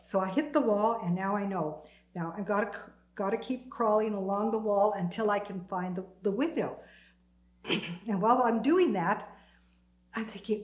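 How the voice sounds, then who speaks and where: A woman's voice: medium pitch, moderate pace, reverberant. An older woman recounting a personal survival story to an audience, acting out her own thoughts and the dialogue vividly. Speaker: community storyteller.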